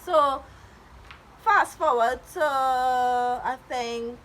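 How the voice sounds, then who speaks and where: High, bright-voiced woman vlogger. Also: drawn-out words, a little hiss or hum, low-quality recording. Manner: animated, dramatic retelling with quoted voices. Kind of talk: casual storytime.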